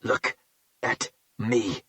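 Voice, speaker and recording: A man's voice: medium pitch, drawn-out words, pushed and bright, no room sound. A man voicing a cold, menacing male kidnapper with a throaty, firm voice, in an audiobook. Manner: threatening, clipped.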